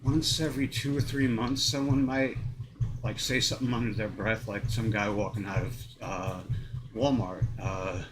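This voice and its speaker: A man's voice: lowish voice, fairly even intonation, normal speed, noisy background. An American man talking casually while walking on a treadmill, rambling and profane, with lots of fillers and short laughs. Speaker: vlogger. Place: home treadmill.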